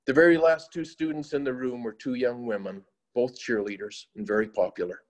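A man narrating a moral story in a slow, solemn, often quiet way. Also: medium pitch, fairly even intonation.

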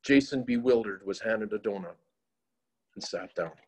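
A man narrating a moral story in a slow, solemn, often quiet way. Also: fairly low pitch, breathy edge.

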